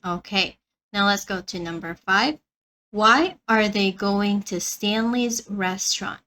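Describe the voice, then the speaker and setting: A woman teaching a beginner English lesson, slowly and carefully repeating words for learners. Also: medium pitch, sharp tone, rough recording.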